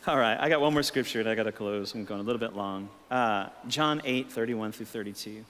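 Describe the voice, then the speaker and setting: A middle-aged Texan man, a pastor, preaching a sermon and telling stories, swinging between low, relaxed storytelling and emphatic, raised peaks. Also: normal speed, slight background noise. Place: church sanctuary. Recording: reverberant church hall.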